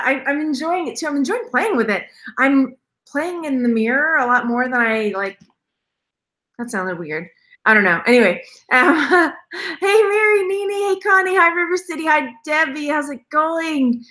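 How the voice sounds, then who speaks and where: A high, bright-voiced woman rambles through a live stream, greeting her viewers one after another. Her talk wanders from one tangent to the next, with plenty of laughter along the way. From Texas. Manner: rambling, chatty, laughs often. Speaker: jewelry reseller, channel host.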